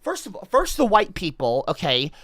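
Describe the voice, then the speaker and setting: Lively, bright-voiced ranting comedian. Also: mid-range voice, normal speed, no room sound. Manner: swings between heated outbursts and forced calm, sarcastic. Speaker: online comedian. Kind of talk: satirical rant reacting to an article.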